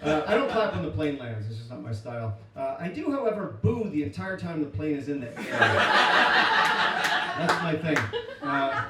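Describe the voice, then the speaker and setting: A lively male stand-up comedian with a slightly high voice and a bouncy, sing-song delivery, cracking self-deprecating jokes and chuckling between lines. He is picked up from across a reverberant room, with loud background noise. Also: moderate pace. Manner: playful, self-deprecating, frequent laughter. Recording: echoey live room from a distance, loud noise.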